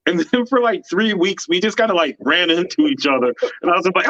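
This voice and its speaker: A man's voice: sits high, fast talker, hardly any pauses. A man who is a standup comic, telling stories in casual chat and laughing often. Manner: animated storyteller, laughs often. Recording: dull lo-fi sound.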